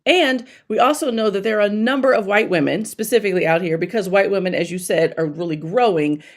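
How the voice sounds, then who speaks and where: A woman guest on an interview show, speaking emphatically and colloquially as a racial equity strategist. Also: mid-range voice. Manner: emphatic, colloquial, quick asides. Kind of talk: casual interview talk.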